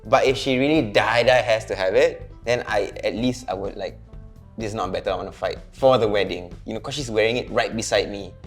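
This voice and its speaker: A man with a Singaporean accent in a casual chat, relaxed and quick to laugh. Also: fairly low pitch, faint music behind.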